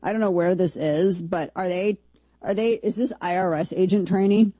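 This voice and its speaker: A woman's voice: lowish voice, normal speed, dark tone, breathy edge, dry recording. A woman hosting a talk radio show, riffing incredulously and jokingly on a video clip in a rambling way. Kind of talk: opinionated talk radio commentary.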